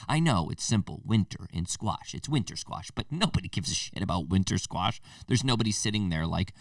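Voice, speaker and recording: A man's voice: sits low, expressive, a little fast, creaky, few pauses, dry recording, studio quality, distant mic. A young man hosting a podcast, rambling and swearing through a comedic monologue, now and then mimicking other people. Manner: rambling, swearing, self-mocking, puts on silly voices for others. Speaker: podcast host.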